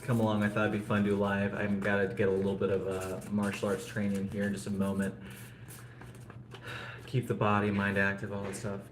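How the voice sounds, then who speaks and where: Man, casual live-stream chat, rambling, lowish voice, echoey room, faint background hum. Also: monotone, fairly quick. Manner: rambling, talks to chat viewers, frequent fillers. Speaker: vlogger.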